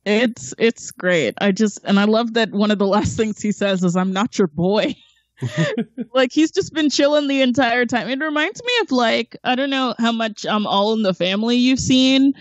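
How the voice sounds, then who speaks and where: A woman's voice: on the high side, moderate pace, no room sound. Woman film guest laughing her way through scenes, dry muffled audio. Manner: laughs often, animated retelling. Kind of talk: casual podcast chat. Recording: dull lo-fi sound.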